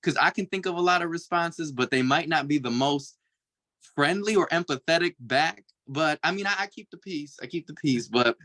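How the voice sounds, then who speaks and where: A man's voice: a little high, moderate pace, sharp tone. A young man from Flint, Michigan, speaking as a youth panelist on a video call, telling stories animatedly and mimicking other people. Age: young adult. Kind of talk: casual panel discussion.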